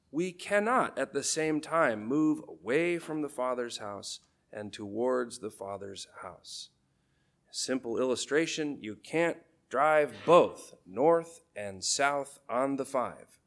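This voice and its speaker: A man, a priest, preaching a sermon in a measured, deliberate way, letting key phrases fall low for emphasis. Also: expressive, creaky, a bit bright.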